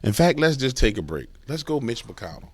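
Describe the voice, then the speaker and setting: A man's voice: medium pitch, big pitch swings, normal speed, slightly rough, no room sound. A man delivering a heated commentary rant, emphatic and repetitive, working himself up as he goes. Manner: emphatic, repetitive, gets worked up. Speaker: political commentator.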